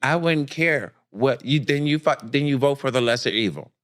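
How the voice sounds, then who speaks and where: A man's voice: mid-range voice, animated, normal speed. A man speaking as a guest in a casual podcast discussion, blunt and emphatic, thinking aloud with frequent restarts.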